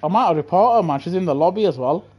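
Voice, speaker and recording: A young British streamer commentates on a racing game through a gaming headset, bantering in slang with chat and often laughing. His voice is high-pitched and fast with lively intonation and a breathy edge. The recording sounds muffled.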